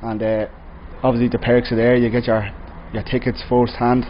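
A man's voice: medium pitch, flat delivery, normal speed, muffled recording, slight background noise. A man, a fan answering interview questions outdoors hesitantly, with many fillers.

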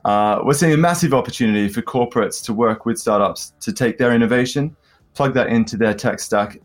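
A man from London, a guest on a podcast interview, talking articulately about business with light self-deprecating humor. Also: fairly low pitch. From London, England. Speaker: guest, startup consultancy founder.

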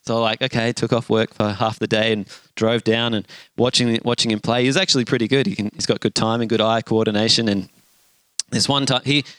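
A middle-aged man, preaching a sermon and acting out a lively story. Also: mid-range voice, brisk, smooth, no echo. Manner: animated storyteller, acts out voices with shouts and gasps. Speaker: pastor.

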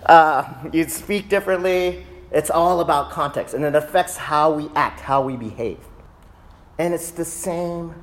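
A man's voice: fairly high pitch, a little slow, fairly bright tone. A man in his thirties, a pastor, preaching a casual sermon in a church sanctuary and telling stories with frequent "right?" asides. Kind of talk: conversational sermon.

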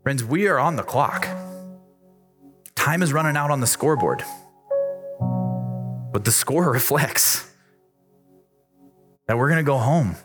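With music in the background, a youth pastor speaks a little slowly and leaves long pauses. His sermon in the church youth room is emphatic and repetitive, climbing in pitch at excited moments.

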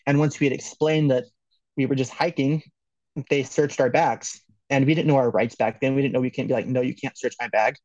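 A man's voice: medium pitch, steady tone, a little fast, a little mellow, no echo, muffled recording. A man from Los Angeles, a podcast guest, telling a story in a loose, joking way, laughing often and swearing. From Los Angeles, California. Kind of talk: casual storytelling.

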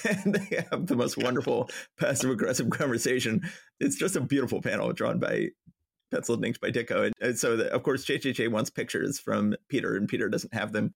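A man's voice: mid-range voice, creaky, slightly rough, no echo, studio quality. A man co-hosting a podcast, casually recapping comic book plots and reading quoted dialogue in a light voice. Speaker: podcast co-host.

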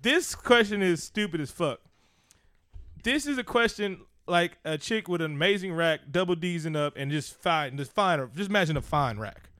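A man co-hosting a casual comedic podcast, talking in a profane, animated, mocking way. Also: fairly high pitch, normal speed, dry recording, studio quality. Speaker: co-host.

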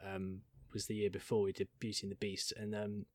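A pantomime performer with a lowish voice talks a little fast in a dry recording. Chatting casually in an interview, he animatedly shares pantomime anecdotes and laughs often.

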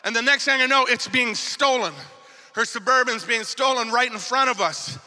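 High-voiced, bright preaching man in a reverberant hall. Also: normal speed. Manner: storytelling preacher, swinging from shouts to quiet asides. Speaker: pastor. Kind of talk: sermon.

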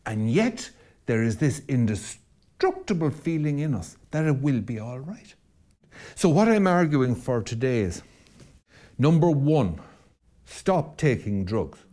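A man's voice: mid-range voice, very animated, unhurried, dark tone. A man, a Catholic priest hosting a podcast, arguing passionately in a rhetorical, preacherly way and repeating phrases for emphasis. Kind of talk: impassioned podcast argument.

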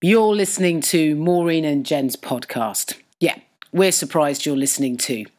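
A woman with a cold and a husky voice, co-hosting a casual comedy podcast in a jokey, self-mocking way. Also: low-pitched, measured pace, darkish tone. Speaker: podcast co-host. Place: conservatory of a house. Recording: echoey room, heavy hiss.

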